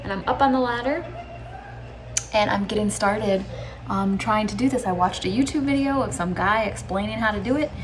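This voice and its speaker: A woman talking casually through her home renovation, chatty and quick to laugh, thinking aloud as she works indoors. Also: medium pitch, over music. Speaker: homestead vlogger. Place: inside a house being renovated.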